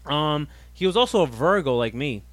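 A man co-hosting a casual wrestling podcast, talking in a laid-back, matter-of-fact way with frequent pauses and fillers. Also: a little high, lively intonation, fairly bright tone. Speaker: podcast co-host.

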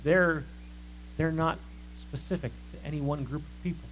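A male preacher working through scripture in a lively, chatty sermon style. His voice sits a little high for a man, and he keeps asking the room rhetorical questions. A faint hum runs underneath. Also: moderate pace, poor audio. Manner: animated, rhetorical questions, conversational asides.

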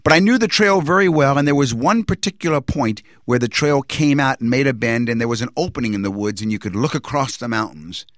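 A man recounts a personal religious testimony in an earnest, reflective tone. His voice sits at an ordinary middle pitch. The recording is dry and close, and he often pauses and restarts as he remembers. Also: no echo.

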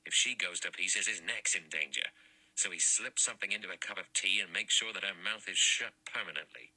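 A man's voice: low-pitched, brisk, sharp tone, breathy edge, full character voice, rough recording. A man voicing a blunt, aggressive suspicious man.

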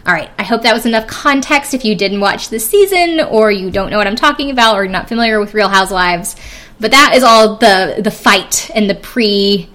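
A woman's voice: medium pitch, a bit bright. A young woman chatting casually as she recaps a reality TV episode, with lots of fillers and personal opinions. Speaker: podcast host recapping a reality show. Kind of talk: casual chat.

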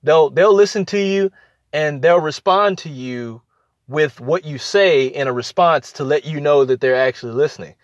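A man with a slightly high voice talks through relationship advice in a loose, conversational way. He repeats phrases for emphasis and slips into quick acted-out exchanges. The recording is dry and slightly muffled. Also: no echo. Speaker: podcast host. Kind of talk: casual advice talk.

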